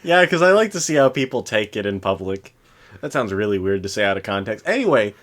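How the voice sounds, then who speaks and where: A man's voice: lowish voice, very animated, brisk, fairly bright tone. A young man co-hosting a casual podcast, teasing his friend and laughing often. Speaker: podcast co-host. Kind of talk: casual chat.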